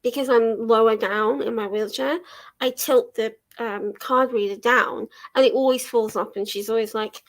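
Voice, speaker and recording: A young woman talks casually to her viewers from her living room. Her voice sits fairly high. She rambles, laughs easily and drops the odd swear word. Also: fairly even intonation, moderate pace. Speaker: livestream host. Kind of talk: casual chat while reading chat aloud.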